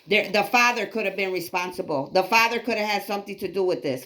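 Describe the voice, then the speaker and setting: A woman's voice: medium pitch, fairly quick, hardly any pauses, a bit bright. A woman in her late forties giving an emphatic, repetitive spiritual tarot reading, preachy and casually profane. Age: 40s. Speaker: psychic reader.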